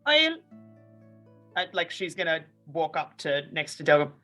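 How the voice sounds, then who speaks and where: A woman at a tabletop game who sounds bubbly and giggly. Her voice is bright and high, it swoops a lot, and she talks slowly. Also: sing-song, faint music behind. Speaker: player.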